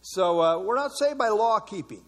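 A man's voice: high voice, expressive, moderate pace, fairly bright tone. A man leading an evening church Bible study in a casual, conversational way, commenting on verses and asking the group for thoughts.

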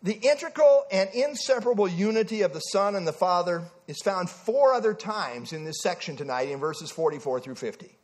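A man preaching a sermon to a congregation, emphatic and animated, often restarting his phrases. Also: high voice, fairly quick, hardly any pauses.

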